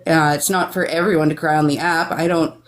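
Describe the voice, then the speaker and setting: A woman's voice: deep voice, steady tone, a little fast. A woman on a live stream panel, talking casually with many fillers and plenty of swearing. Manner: chatty, many fillers, profane. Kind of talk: casual chat.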